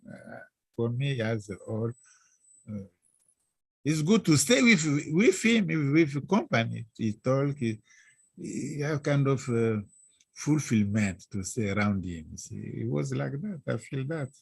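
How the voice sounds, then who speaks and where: Husky man, halting speech. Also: mid-range voice, no echo. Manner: halting, searching for English words, animated storytelling. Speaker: guest scholar. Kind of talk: reminiscing interview talk.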